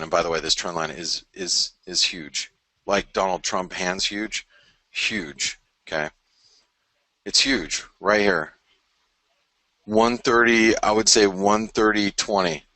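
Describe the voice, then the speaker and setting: A man's voice: sits low, bright, forceful tone, dry recording. A man hosting a live trading webinar, talking through charts in a rambling, frank way, often stopping and restarting mid-thought. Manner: rambling, self-interrupting, frank.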